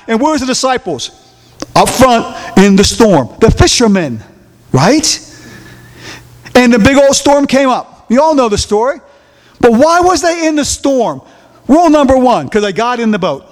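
A male preacher with a very high voice leads a call-and-response sermon. He acts out the voices in his story and climbs to shouts. His voice rings through a church hall with a long echo.

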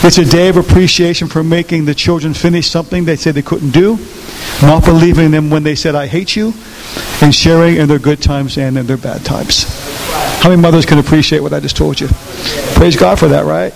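A man's voice: on the high side, gravelly, a little hiss or hum, low-quality recording. A man preaching a Mother's Day sermon in church, telling stories and asking the congregation questions. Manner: asks the congregation questions, storytelling. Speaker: pastor.

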